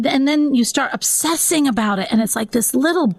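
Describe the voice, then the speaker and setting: A woman's voice: high voice, animated, a little fast, vocal fry, hardly any pauses. A woman hosting a podcast in casual chat, talkative and laughing often, speaking to her listeners. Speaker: podcast host.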